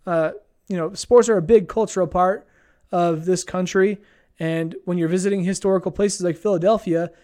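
A young man with a fairly high voice recounts his trip in a loose, rambling vlog style. He talks laid-back and easygoing, dropping plenty of ums and uhs along the way. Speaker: vlogger. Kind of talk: casual travel storytelling.

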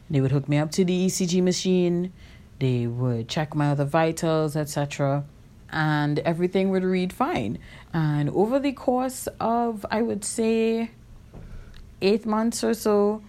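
A woman hosts her own podcast and shares a personal story in a candid, reflective monologue. Her voice sits low and sounds warm and mellow. She often pauses on fillers and corrects herself mid-sentence. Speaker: podcast host.

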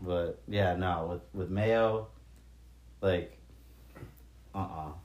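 A relaxed man with a somewhat low voice chatting with friends in loose, easy slang. The room adds a clear echo around him. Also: extremely slow, highs cut off. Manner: laid-back, casual slang, laughs often. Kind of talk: casual chat. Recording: echoey room.

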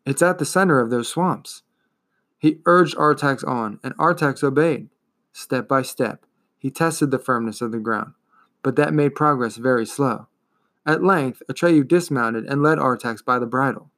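A man reading a fantasy novel aloud in a measured, expressive storytelling manner. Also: medium pitch. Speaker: reader.

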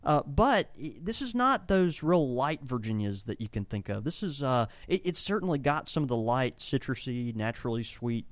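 A man's voice: medium pitch, big pitch swings, normal speed, hardly any pauses, no echo. A man co-hosting a casual podcast from a tobacco shop, talking enthusiastically and rambling through descriptions. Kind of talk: casual chat.

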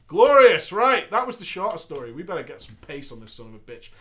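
A man's voice: high voice, quick pace. A man hosting a show, reading a viewer's gaming story aloud with crude, laughing comedic commentary. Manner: animated, profane, laughs often.

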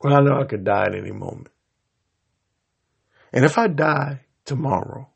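Gravelly, husky man ranting with profanity. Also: lively intonation, moderate pace. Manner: vulgar, confrontational, swings from loud outbursts to low mutters. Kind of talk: profane angry rant to camera.

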